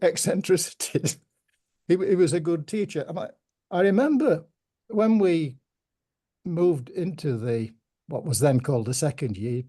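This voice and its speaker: An older man with a Yorkshire accent, telling stories in a measured, reflective way with gentle humour during an interview. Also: on the high side, husky. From Yorkshire, England. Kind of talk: reminiscing conversation.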